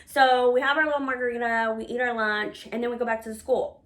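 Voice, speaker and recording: A woman in her thirties casually telling a personal story in a candid, animated way, with plenty of swearing. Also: fairly high pitch, fast. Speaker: storyteller recounting work life.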